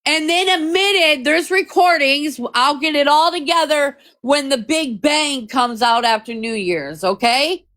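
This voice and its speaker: A woman's voice: high voice, unhurried, hardly any pauses, a bit bright. A woman ranting heatedly to her viewers into a phone, swearing often and repeating her points. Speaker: TikTok creator. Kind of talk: confrontational rant to viewers.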